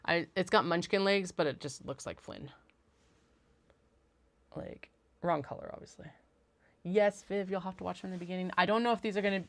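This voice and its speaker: A woman's voice: low voice, creaky. A woman chatting casually on a livestream, rambling and laughing often. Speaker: craft business owner.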